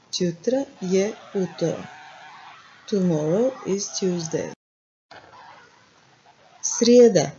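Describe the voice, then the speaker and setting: A woman with a Montenegrin accent teaching a language lesson, repeating words slowly and quizzing the listener. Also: fairly low pitch, warm tone, dull audio.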